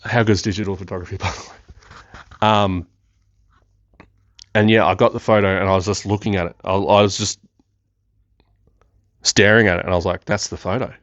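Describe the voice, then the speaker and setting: A young man with a lowish voice tells a rambling, excitable story, swearing and laughing as he goes. The recording is dry, with a slightly dull, muffled tone. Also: normal speed, pauses often, no room sound. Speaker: podcast host. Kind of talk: casual storytelling.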